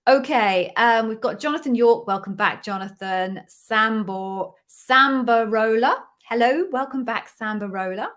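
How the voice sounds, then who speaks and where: A woman's voice: fairly high pitch, a bit bright. A woman hosting a casual live-stream Q&A, chatty and playful as she greets viewers by name, talking into a computer microphone in a room at home. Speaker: host of live Q&A stream, former interview bar raiser.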